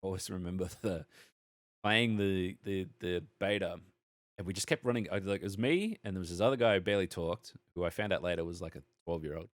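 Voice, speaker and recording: A man's voice: sits low, brisk, dry recording, studio quality. Swearing Australian man telling stories. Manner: rambling anecdote, heavy swearing, animated retelling. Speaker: podcast co-host. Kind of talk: casual chat, storytelling.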